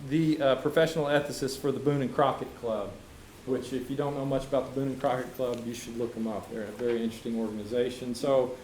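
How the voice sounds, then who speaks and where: A man moderating a symposium, introducing a speaker haltingly, with many filler sounds. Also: medium pitch, steady tone, darkish tone. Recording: echoey hall, faint background noise.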